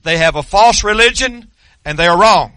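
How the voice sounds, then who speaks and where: Male pastor, high bright voice, emphatic repetitive preaching. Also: expressive, normal speed, dry recording. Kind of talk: sermon.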